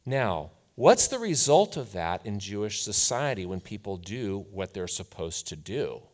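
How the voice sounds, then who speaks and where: A man preaching a sermon as a pastor, telling the story in a conversational, animated way. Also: fairly low pitch, a little slow.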